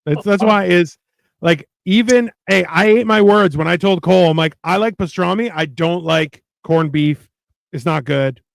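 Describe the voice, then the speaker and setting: A man's voice: high-pitched, gravelly, dry recording. A middle-aged man co-hosting a cooking stream, chatting casually, swearing and acting out the lines of people in his stories. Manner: animated storyteller, swears, acts out quoted lines. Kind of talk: casual chat while cooking.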